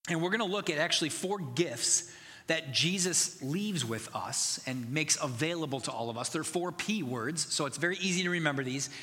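A man's voice: on the high side, normal speed, bright, forceful tone, long reverb tail. A man preaching a sermon as pastor, earnest and conversational, building to emphatic passages.

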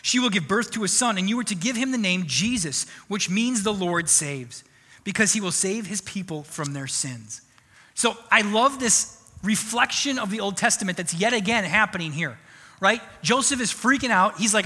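A man preaching a sermon in a conversational, animated way. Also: sits high, moderate pace. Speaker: pastor. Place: church sanctuary. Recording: long church hall reverb.

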